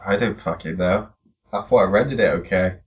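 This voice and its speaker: A man hosts a let's play with casual game commentary, his voice fairly low and a little fast over lo-fi sound. He has a cold, so he sounds a bit stuffy and coughs, and he's laid-back, swearing offhandedly.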